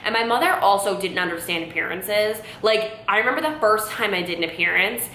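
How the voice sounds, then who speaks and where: A young woman vlogs a personal story in a candid, rambling way, peppering it with "like" and "you know." Her voice has a bright, forceful edge. The room is echoey, with a faint low rumble underneath. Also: fairly quick. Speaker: vlogger. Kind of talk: storytime vlog.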